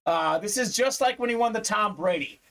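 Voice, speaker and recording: A man's voice: high voice, expressive, moderate pace, fairly bright tone. A man hosting a live sports memorabilia break, chatting upbeat with viewers, reading their comments aloud and peppering his talk with "uh".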